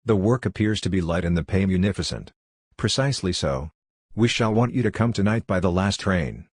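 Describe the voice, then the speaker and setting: Secretive, insistent middle-aged colonel, read by a man in a low, dry voice. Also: expressive, brisk, husky, no room sound. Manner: insistent, probing.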